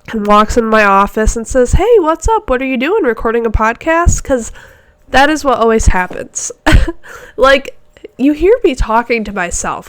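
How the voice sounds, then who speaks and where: A woman's voice: a little high, fairly bright tone, clear, resonant tone, no echo. A woman hosting her own podcast as a fitness coach, talking in a chatty, rambling way with lots of fillers. She sounds stuffy and nasal from a cold and gets a little short of breath. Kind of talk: casual solo podcast chat. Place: home office.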